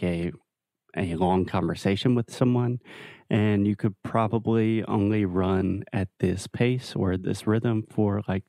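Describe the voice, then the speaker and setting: A man's voice: fairly low pitch, warm tone, no room sound, clean studio sound. A man hosting a casual English lesson video, explaining ideas with friendly everyday examples. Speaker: English teacher.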